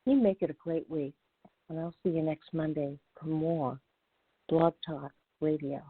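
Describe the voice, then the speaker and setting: Low-voiced woman coach on a phone line. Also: unhurried, dry recording. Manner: earnest, conversational, animated when retelling. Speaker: recovery coach and radio show host. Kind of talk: radio talk with personal storytelling. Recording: tinny phone-line radio audio, dry.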